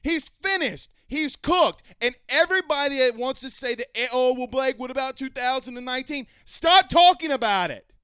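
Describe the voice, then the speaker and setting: A man hosting a sports talk show, ranting heatedly and raising his voice to shouts. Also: very high-pitched, steady tone, moderate pace, hardly any pauses, clean tone, dry recording. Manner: fiery, ranting, raises voice to shouting. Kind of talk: heated sports commentary rant.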